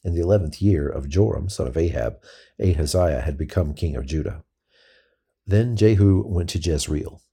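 Deep gravelly man reading scripture. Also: lively intonation, moderate pace, mellow. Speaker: scripture reader.

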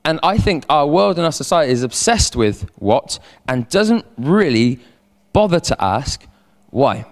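A man preaching a sermon as a pastor, animated, repeating words and calling on the congregation to respond. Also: fairly high pitch, a little slow. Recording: long hall reverb.

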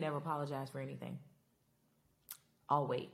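Low-voiced woman recapping TV, chatty and emotional. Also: moderate pace, gravelly, pauses often. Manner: expressive, emotional, rambling, talks to listeners directly. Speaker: podcast host. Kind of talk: casual TV recap chat.

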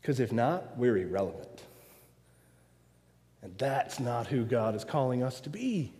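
A man's voice: medium pitch, expressive, unhurried, dark tone. A man preaching a sermon, earnest and full of rhetorical questions, in a church. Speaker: pastor. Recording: long hall reverb.

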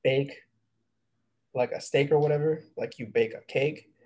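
Casual podcast co-host, husky male voice, rambling and slangy. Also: mid-range voice, unhurried, a little mellow. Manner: rambling, laid-back, slangy. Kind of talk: casual chat.

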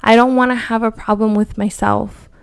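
A woman in her thirties, a podcast host, speaks candidly and from the heart in a personal monologue packed with fillers, her voice cracking with emotion. Her pitch sits a little high, her tone stays level, and she talks at a moderate pace with some vocal fry.

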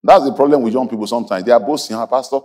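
A man's voice: medium pitch, rapid-fire, dark tone. A male pastor preaching a sermon, leading the congregation in call-and-response and mimicking church members for effect.

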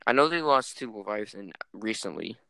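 Crisp, dry-sounding man hosting gaming chat. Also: lowish voice, lively intonation, moderate pace, pushed and bright, no echo. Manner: chatty, speculative, steers the talk with questions.

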